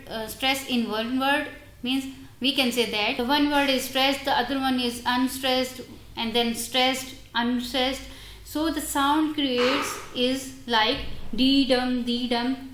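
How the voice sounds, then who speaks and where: A woman's voice: high-pitched, a bit bright. Woman lecturing in a roomy echo. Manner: halting, restarts explanations, addresses students directly. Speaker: English literature lecturer. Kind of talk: recorded university lecture. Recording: roomy echoey recording.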